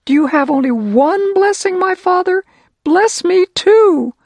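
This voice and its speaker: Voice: very high voice, lively intonation, measured pace, a little mellow, dry recording, voice pushed up, heavily acted. A storyteller voicing a grieving young man who begs his father, in a raised, strained voice. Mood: pleading.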